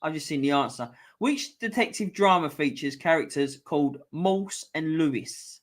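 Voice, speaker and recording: Young London bloke, fairly high voice, casual quizmaster, sweary and chatty. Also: male voice, expressive, moderate pace. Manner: swears freely, offhand banter between questions. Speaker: quiz host. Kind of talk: casual live-stream pub quiz.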